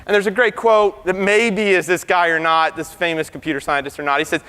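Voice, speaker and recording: A computer science professor giving an animated debate speech, firing rhetorical questions at the crowd. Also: male voice, high voice, brisk, clear, resonant tone. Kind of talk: lively debate speech to an audience. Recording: reverberant hall.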